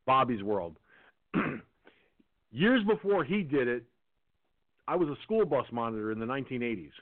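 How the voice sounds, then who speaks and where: A man's voice: mid-range voice, big pitch swings, moderate pace, no room sound. A man hosting a call-in radio talk show, telling stories and breaking into cheesy impressions, heard over a phone-line connection. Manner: storytelling, slips into cheesy impressions. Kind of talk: casual chat.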